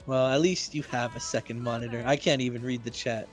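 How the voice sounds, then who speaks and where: A man's voice: mid-range voice, steady tone, a little fast, soft background music. Analytical male fighting game commentator. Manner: analytical, speeds up when explaining. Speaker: esports commentator.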